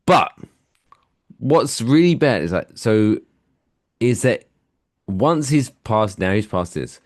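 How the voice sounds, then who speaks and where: Low-voiced English man in his forties. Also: slow, no echo, studio quality. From England. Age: 40s. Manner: profane, animated storytelling. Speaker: podcast co-host. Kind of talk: casual chat.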